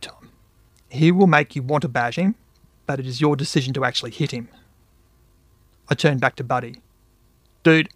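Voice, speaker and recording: A man reading his own first-person short story, raising his voice for the children's shouting lines. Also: medium pitch, no echo.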